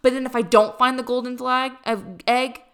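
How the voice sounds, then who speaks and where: Her voice sits high and sounds clean and a bit bright, with a flat delivery at normal speed. She's a young woman in college vlogging casually to camera, rambling, joking about herself and using many fillers.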